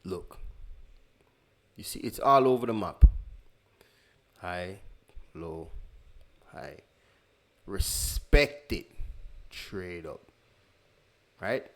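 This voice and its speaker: A man's voice: low-pitched, expressive, very slow, long pauses, fairly bright tone. A man teaching trading in a casual, conversational way, repeating key phrases and correcting himself as he goes. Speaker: trading instructor. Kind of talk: casual screen-share lesson.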